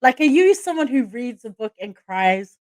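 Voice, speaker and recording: A woman hosts a relaxed podcast conversation. She talks in a chatty, emphatic way and laughs easily. Her voice sits on the higher side, and it sounds dry and close. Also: normal speed, dry recording. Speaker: podcast host. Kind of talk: casual podcast chat.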